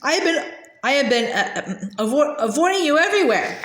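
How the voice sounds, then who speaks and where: A woman's voice: high voice, sing-song, fairly quick, noisy background. A charming young prince, put on by a woman reading aloud, laughs his way through his lines with a put-on foreign accent. He teases in a singsong lilt. The storybook reading sounds roomy and echoey. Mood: teasing. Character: playful charming young male prince, carefree. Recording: echoey room.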